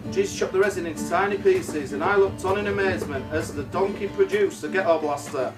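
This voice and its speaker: A man telling a rambling, sweary comic story between songs, often laughing. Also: high voice. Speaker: comic singer-songwriter. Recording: live room echo, heard from a distance, over loud music.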